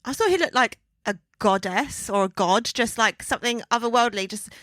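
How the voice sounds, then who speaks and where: A woman, co-hosting a casual chat podcast, chatty and quick to laugh. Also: fairly high pitch, a bit bright, no room sound. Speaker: podcast co-host.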